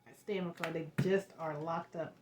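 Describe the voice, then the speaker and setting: A woman giving an emotional tarot reading, talking in halting, searching bursts with repeated words. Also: sits low, steady tone, a little hiss or hum. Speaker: tarot reader. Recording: echoey room.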